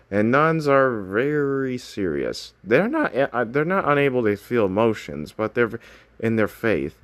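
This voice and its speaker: A man giving casual commentary on game character designs, rambling with frequent restarts and self-corrections. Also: medium pitch. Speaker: video commentator.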